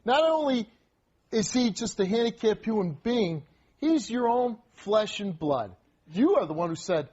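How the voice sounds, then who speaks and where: A man's voice: sits high, sing-song, unhurried, darkish tone, breathy edge, highs cut off. A man hosting a confrontational talk show on a TV studio stage, scolding and commanding a teenage guest.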